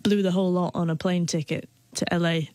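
A woman's voice: lowish voice, level tone, a little fast, a little mellow, no echo. A woman tells a personal story in an interview, stuttering often and restarting her words. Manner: stutters, with repeated sounds and restarts. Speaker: interview guest.

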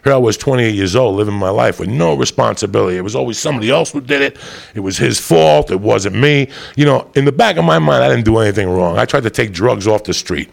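A middle-aged man telling a profane, rowdy stand-up story, loud and rambunctious, with a gravelly voice. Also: animated, fast talker. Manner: loud, profane, rambunctious, swings into high shouts. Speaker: stand-up comedian. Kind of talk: stand-up storytelling to a live audience.

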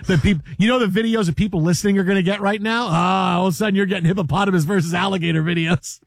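A man hosting a casual sports talk show, animated and joking, often repeating words. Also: high voice, rapid-fire, creaky, dry recording.

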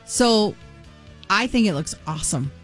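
A woman's voice: medium pitch, expressive, measured pace, faint music behind. A woman co-hosting a talk show, chatting enthusiastically in a TV studio. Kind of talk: casual studio chat.

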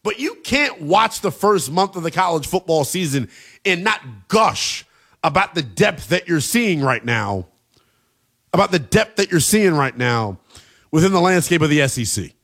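A man hosting a late-night college football radio show, talking in an animated, emphatic way with plenty of slang. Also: fairly high pitch, normal speed. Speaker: sports radio host.

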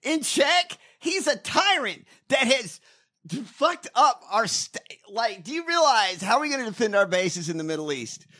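A man on a podcast, ranting with profane, fired-up energy. His voice sits high and sounds sharp and bright, and it leaps around in pitch as he talks. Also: very animated, moderate pace. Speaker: podcast host. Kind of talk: casual ranting chat.

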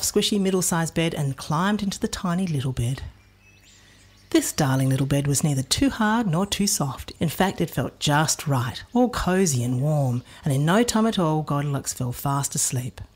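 A woman narrating a children's storybook in an expressive, playful manner. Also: low voice, slightly rough.

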